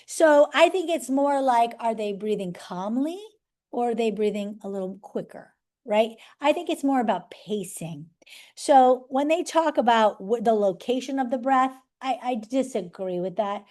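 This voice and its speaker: A woman's voice: a little high, lively intonation, moderate pace, darkish tone. A woman teaching a live seminar to a room of people, chatty, making joking asides and often tagging "right?". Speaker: workshop presenter teaching sales skills.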